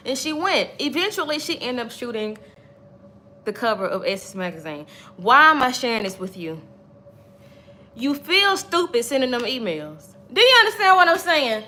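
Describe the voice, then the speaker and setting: Bright high-voiced woman hosting a livestream. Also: animated, moderate pace. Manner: encouraging, preachy, laughs often, reads comments aloud. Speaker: livestream host. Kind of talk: motivational livestream chat. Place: home.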